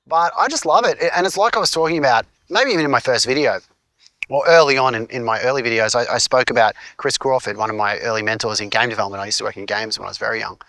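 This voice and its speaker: Fast-talking bright Australian man. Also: medium pitch, no room sound. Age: 40s. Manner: rambling, chatty, lots of fillers and restarts. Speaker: filmmaker and teacher. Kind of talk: casual vlog talk.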